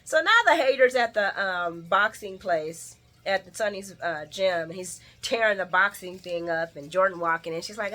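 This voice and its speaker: Bright-voiced heated woman recapping a soap. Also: on the low side, normal speed, few pauses. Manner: heated, animated, profane, addresses viewers as y'all. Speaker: soap opera recap vlogger. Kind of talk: casual recap vlog. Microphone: camera mic.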